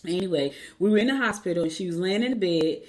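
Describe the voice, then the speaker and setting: A fast-talking older woman with a lowish voice chats casually as a morning show host, calling her viewers y'all while telling an animated story.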